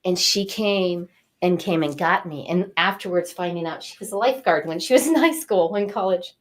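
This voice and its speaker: A woman's voice: on the low side, normal speed. Older woman telling a story with animation. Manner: animated, acts out quotes and cries. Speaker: guest telling her story. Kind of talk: casual storytelling.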